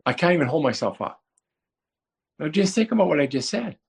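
Guy telling his testimony, super animated, voice jumps way up then drops low, acts out his prayers, kinda repeats himself. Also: a little fast, gravelly. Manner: animated, swings from low murmurs to high excited outbursts; plain-spoken, repeats himself, quotes his own prayers aloud. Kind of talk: emotional storytelling.

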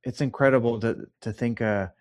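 A man hosting a faith interview, measured and affirming as he responds to his guest. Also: mid-range voice, fairly even intonation, no echo, studio quality. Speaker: host.

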